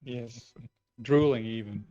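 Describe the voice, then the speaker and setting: A man's voice: medium pitch, takes it slowly, dark tone, no room sound. Casual male tabletop player. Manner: joking, explains rules. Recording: dull lo-fi stream audio.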